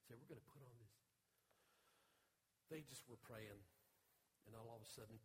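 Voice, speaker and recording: A man preaching a sermon as a guest speaker, swinging from shouting to quiet, intimate talk and acting out the voices in his stories. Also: mid-range voice, big pitch swings, moderate pace. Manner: acts out quoted voices in his storytelling.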